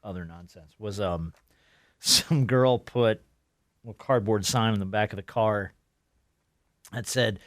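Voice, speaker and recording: A man co-hosting a casual sports podcast, animated, laughing often and swearing casually. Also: fairly low pitch, slow pace, long pauses, no room sound, clean studio sound. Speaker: podcast co-host.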